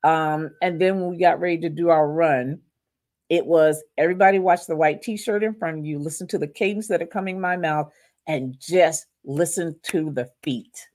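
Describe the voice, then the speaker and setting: A woman's voice: deep voice, normal speed. A middle-aged woman from Louisiana, a podcast guest telling her story and acting out the quotes. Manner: animated storyteller, acts out quotes.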